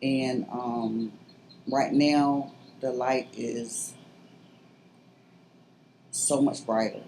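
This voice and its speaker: Earnest middle-aged woman, halting testimony. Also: very deep voice, steady tone, mellow, a little hiss or hum, low-quality recording. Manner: earnest, halting, rising to fervent urging. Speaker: interview guest, abuse survivor. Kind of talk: emotional personal testimony.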